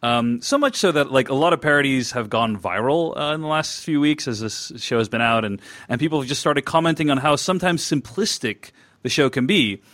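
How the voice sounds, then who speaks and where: A man's voice: fairly high pitch, expressive, a little fast, fairly bright tone, no room sound. A man hosting a podcast who steers the casual discussion and is easily amused. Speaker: podcast host.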